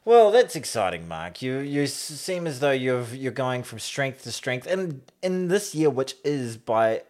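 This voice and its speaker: A man's voice: mid-range voice, big pitch swings, measured pace, darkish tone. A man co-hosting a rugby podcast, joking around and interrupting a lot. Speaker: podcast co-host. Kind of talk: casual chat.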